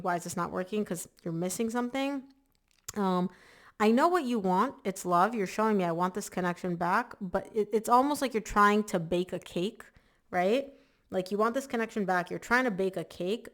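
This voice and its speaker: A woman giving a casual, chatty tarot reading to camera, emphatic and full of "like" fillers. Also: fairly low pitch. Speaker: tarot reader.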